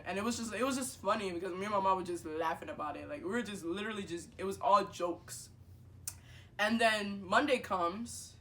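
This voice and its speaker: A young woman spins a casual storytime for her viewers, heavy with fillers. She keeps jumping into little acted-out exchanges and talks with lively energy. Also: mid-range voice, fairly quick. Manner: animated, filler-heavy, acts out dialogue. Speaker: vlogger.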